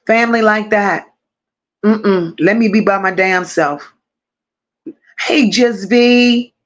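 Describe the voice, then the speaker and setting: A woman hosting a casual livestream, greeting her chat one by one with drawling, affectionate shout-outs. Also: medium pitch, slow. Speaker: livestream host.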